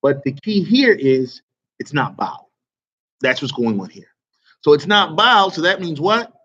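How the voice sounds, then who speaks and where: A man's voice: a little high, very animated, moderate pace, bright, forceful tone, slightly rough, dull audio. A man teaching an online Arabic grammar lesson, quizzing students and praising their answers with casual asides.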